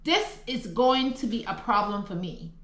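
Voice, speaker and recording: A woman's voice: fairly high pitch, measured pace, fairly bright tone, roomy sound, rough recording. A middle-aged woman from the Caribbean with a Caribbean accent, chatting animatedly in a casual vlog and laughing often. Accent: Caribbean English. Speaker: vlogger. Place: rural home in the countryside.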